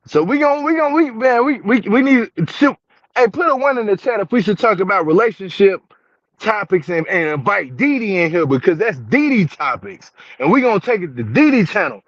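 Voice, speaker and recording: This reality TV commentary vlogger is a young man whose high voice carries lively intonation at a moderate pace. Chatting to viewers in slang, he keeps repeating points for emphasis as his anger builds. There's no echo on the dull, dry, lo-fi home recording.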